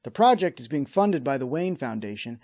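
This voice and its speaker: A man's voice: mid-range voice, big pitch swings, normal speed, a little mellow. A man hosting a scripted cartoon episode recap, with wry, sarcastic asides. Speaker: host.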